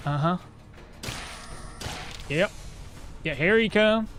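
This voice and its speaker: A man's voice: high-pitched, takes it slowly, a bit bright, soft background music. A man putting on a goofy, bumbling Southern-drawl persona while playing a game, folksy and grumbling. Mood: sheepish. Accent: put-on American Southern. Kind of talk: playful accent put-on during gameplay.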